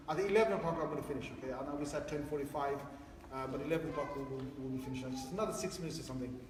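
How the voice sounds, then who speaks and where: A man teaching parents in a casual, chatty way, repeating his phrases and acting out family scenes. His voice sits high for a man and rings through a big echoey hall. He is heard from a distance with a faint hiss behind him. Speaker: Islamic teacher. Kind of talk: informal religious talk to parents.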